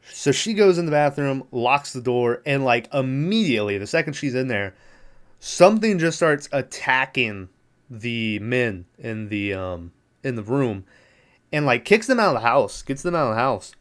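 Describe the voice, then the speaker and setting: A man at an ordinary pitch talks through a film scene by scene, casual and unpolished. He rambles, circles back on himself and swears freely, like a podcast host chatting with friends. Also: animated, moderate pace, a bit bright. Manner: rambling, filler-heavy, profane, laughs at the film. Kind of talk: casual movie recap.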